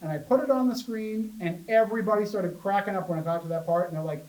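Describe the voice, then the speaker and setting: A man giving a casual public talk about ghost hunting as a chatty, animated storyteller who jokes with his audience. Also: sits high, quick pace, few pauses. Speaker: paranormal investigator giving a talk. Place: public library meeting room. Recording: echoey room, voice from a distance.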